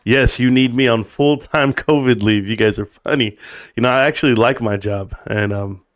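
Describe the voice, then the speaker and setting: A man hosting his own live stream, talking in a blunt, fired-up rant that swings from calm to loud and emphatic. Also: mid-range voice, moderate pace, no room sound. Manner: blunt, swears freely. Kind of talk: ranting live stream talk. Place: room at home.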